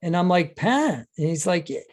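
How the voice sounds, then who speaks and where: Chatty higher-voiced male podcast host. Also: normal speed. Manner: chatty storyteller, animated when quoting others. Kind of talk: casual conversation, anecdotes.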